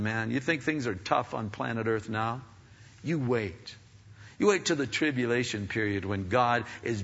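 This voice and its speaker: A male pastor preaching a sermon in an emphatic style that rises to loud peaks. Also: mid-range voice. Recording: lo-fi recording in a reverberant hall.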